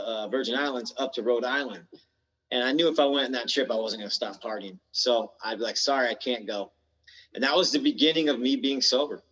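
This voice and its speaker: A man's voice: mid-range voice, a bit bright. A man from the United States, a podcast guest in recovery, telling his story candidly in blunt, slangy talk that swears freely. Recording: dull lo-fi sound with long reverb.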